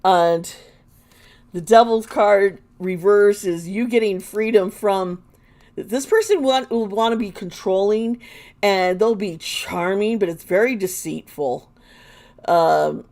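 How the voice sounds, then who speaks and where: Slow-talking woman reading tarot live. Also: mid-range voice, a little mellow. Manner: chatty, unhurried, laughs often, blunt warnings. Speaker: tarot reader.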